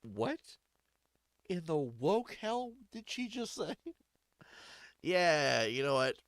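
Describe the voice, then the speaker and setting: A man giving casual gameplay commentary as a streamer, excitable and sarcastic, swearing and laughing often. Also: fairly high pitch, takes it slowly, creaky, no echo, clean studio sound. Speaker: gaming streamer.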